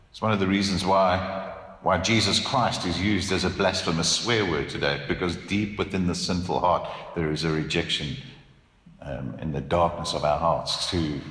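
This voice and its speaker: Lively, low-voiced man preaching in a hall. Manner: earnest, emphatic preaching with rhetorical questions. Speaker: pastor. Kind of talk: sermon. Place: church.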